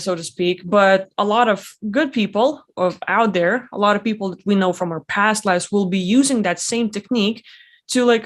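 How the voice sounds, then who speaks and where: A woman's voice: medium pitch, moderate pace. A woman hosting a reaction video, talking in a rambling, casual way full of fillers and restarts. English is not her first language. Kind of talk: casual commentary.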